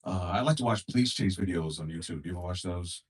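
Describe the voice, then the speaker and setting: A man's voice: deep voice, quick pace, husky, recorded from a distance. A young man doing a loose, profane stand-up set, acting out characters in shifting voices. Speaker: stand-up comedian.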